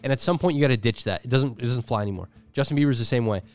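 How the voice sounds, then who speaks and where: A man co-hosting a podcast, talking fast and acting out arguments in quick put-on voices. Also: mid-range voice. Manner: fast, animated, acts out quarrels in shifting voices. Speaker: podcast co-host. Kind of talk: casual podcast banter.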